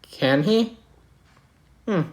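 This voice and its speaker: Chatty reactor thinking out loud. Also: mid-range voice, animated, drawn-out words. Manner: musing, chatty, thinks aloud. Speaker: reaction video host. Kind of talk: casual commentary.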